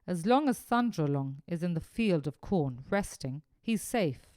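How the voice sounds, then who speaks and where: A man's voice: fairly high pitch, lively intonation, normal speed, a little mellow, no room sound, natural voice. Brief: level-headed older boy, read by a woman, firm, dry close sound. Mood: serious. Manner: firm and practical.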